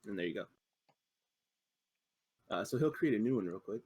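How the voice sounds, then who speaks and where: A young man, a student presenter, walking through a software demo in an explanatory, halting way with frequent fillers. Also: on the low side, animated, a little hiss or hum.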